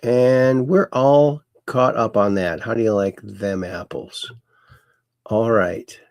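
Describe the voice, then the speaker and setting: A man's voice: on the low side, slow pace, creaky, a little mellow, no echo. A man hosting a casual livestream, reading out viewer comments and chatting along in a rambling, folksy way that often repeats itself. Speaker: livestream host.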